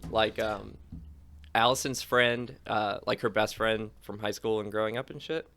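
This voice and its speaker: A man's voice: fairly low pitch, steady tone, normal speed, vocal fry, fairly bright tone. A man co-hosting a podcast in casual chat, laughing and swearing freely as he tells stories. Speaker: podcast co-host.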